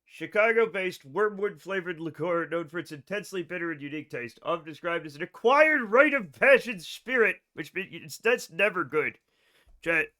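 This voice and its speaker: A man's voice: high voice, lively intonation, moderate pace, sharp tone. A man hosting a casual game livestream from home, rambling and scattered, joking at his own expense. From United States. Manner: rambling, scattered, self-mocking. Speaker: game streamer.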